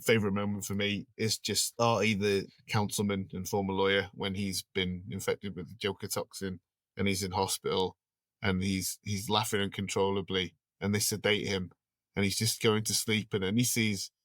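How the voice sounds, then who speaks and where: A man's voice: deep voice, flat delivery, moderate pace, fairly bright tone, no room sound. A man hosting a casual podcast chat about a film, steering the talk and laughing easily. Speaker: podcast host.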